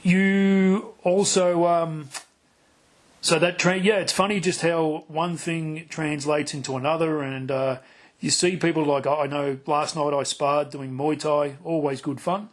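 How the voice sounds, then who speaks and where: A man with a slightly high voice hosts a casual podcast chat. He rambles, swears freely and restarts his sentences often. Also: level tone, a little slow. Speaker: podcast host. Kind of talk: casual conversational interview.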